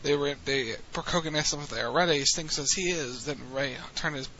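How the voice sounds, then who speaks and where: A man's voice: a little high, brisk, bright, forceful tone, a little hiss or hum. A man co-hosting a podcast, casually recapping events in a rambling way with restarts. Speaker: podcast co-host recapping wrestling. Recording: dull lo-fi sound with faint ambience.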